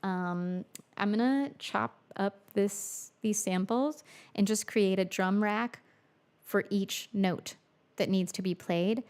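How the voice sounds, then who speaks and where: A woman's voice: mid-range voice, takes it slowly, a little mellow, clean tone. A woman musician chatting casually on a livestream, thinking aloud as she works in her studio and reads viewer comments. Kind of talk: casual livestream chat while producing.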